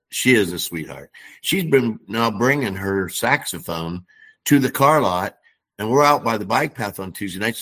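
A man's voice: medium pitch, a bit bright. A middle-aged man telling a church story in casual chat, animating the quoted dialogue. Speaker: guest.

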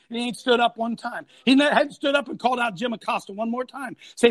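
A man hosting a talk show, ranting loudly with preacher-like fire, shouting and laughing as he goes. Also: very high voice, fast, hardly any pauses, no echo. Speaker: host.

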